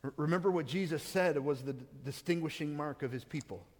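A man's voice: fairly high pitch, fairly quick. A man preaching a sermon, reading scripture aloud and then explaining it in plain conversational words. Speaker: pastor. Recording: long hall reverb.

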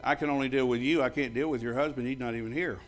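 An older man preaches to his congregation in a blunt, storytelling way. His voice sits at an ordinary middle pitch, and he acts out both sides of past conversations. When he jokes with the crowd he gets loud and bold. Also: steady tone, fast talker. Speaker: pastor. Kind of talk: sermon.

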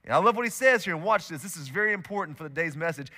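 Bright-voiced pastor preaching in a hall. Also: male voice, fairly high pitch, rapid-fire. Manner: lively storytelling with acted-out quotes. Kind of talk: sermon. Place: church auditorium.

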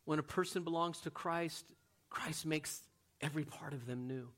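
Earnest pastor swinging loud to hushed. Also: male voice, on the high side, moderate pace. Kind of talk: sermon.

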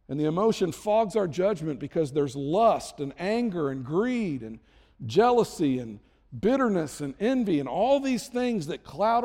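A man's voice: high-pitched, darkish tone, big-room sound. A middle-aged man preaching a sermon as a pastor, conversational and self-deprecating with jokes.

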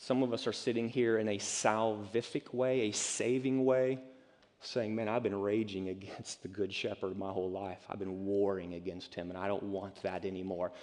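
A male pastor preaching a sermon, swinging from loud urgent calls down to hushed, near-whispered lines. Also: lowish voice, fairly even intonation, normal speed. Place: church sanctuary. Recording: long hall reverb.

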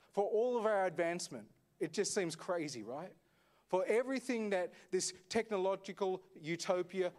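A man, a senior pastor, preaching a sermon in a conversational way, often asking the congregation questions. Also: sits high. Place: echoey church hall.

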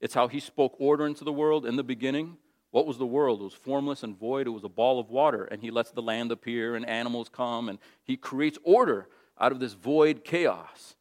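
A man's voice: medium pitch, brisk, a little mellow. A man preaching a sermon in a casual, conversational way, telling stories with lots of animation. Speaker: pastor.

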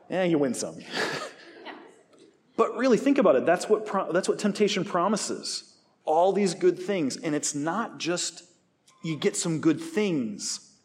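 A man in his forties preaching a sermon, telling stories with humor and acting out the voices of tempters and skeptics. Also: a little high. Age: 40s. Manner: animated storytelling, acts out quoted voices, self-deprecating jokes.

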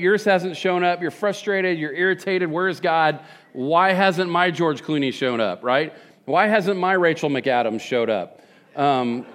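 A middle-aged male pastor giving a conversational sermon with joking, self-deprecating asides and animated quoted voices. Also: a little high.

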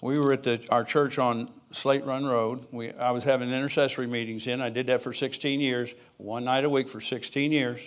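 An older pastor speaks in a level, medium-pitched voice, moving briskly with hardly any pauses. During his church sermon he reads scripture aloud and slips into casual, conversational personal asides.

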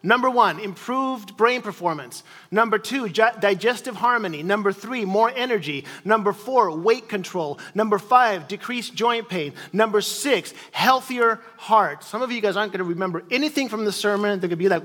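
A man's voice: high-pitched, normal speed, hardly any pauses, fairly bright tone. A pastor in his forties giving a sermon, talking conversationally and with animation, with repeated phrases and questions to the congregation. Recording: reverberant hall.

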